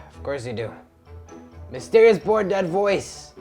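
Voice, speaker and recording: A woman's voice: lowish voice, big pitch swings, slow, a little mellow, faint music behind, full character voice. A woman voicing a bossy, argumentative puppet in a comedy skit, dramatic and sarcastic.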